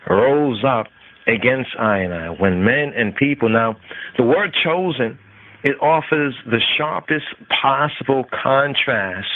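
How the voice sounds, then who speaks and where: A man teaching scripture on a podcast, slowly repeating and chanting Hebrew words. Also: lowish voice. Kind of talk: slow devotional scripture teaching. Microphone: phone line. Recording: tinny phone-line call-in radio.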